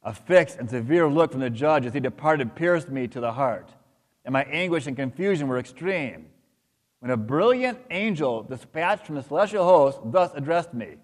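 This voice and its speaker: A man's voice: on the high side, lively intonation, moderate pace. Solemn male preacher in a reverberant hall. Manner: solemn, dramatic. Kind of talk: dramatic reading in a sermon.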